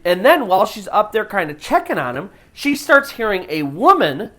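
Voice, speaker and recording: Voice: mid-range voice, sing-song, normal speed, pushed and bright. A storyteller host retelling a true ghost story in a casual, conversational way, full of "you know" fillers.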